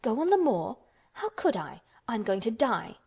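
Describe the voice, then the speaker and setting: A woman's voice: mid-range voice, brisk, a little mellow, close to an everyday voice. A woman voicing a sickly, spoiled young boy who asks petulant, anxious questions. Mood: resentful.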